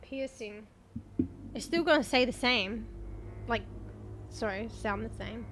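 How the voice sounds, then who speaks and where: Slow-talking Australian woman streamer, bright voice. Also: fairly high pitch, a little hiss or hum. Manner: swears freely, talks to chat offhandedly. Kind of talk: casual game-stream chat.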